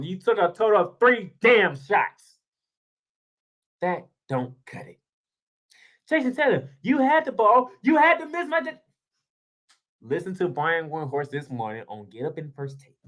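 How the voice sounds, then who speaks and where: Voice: mid-range voice, fairly bright tone. A sports show host delivering a heated solo rant, sarcastic and casual, firing off rhetorical questions and repeating points for emphasis.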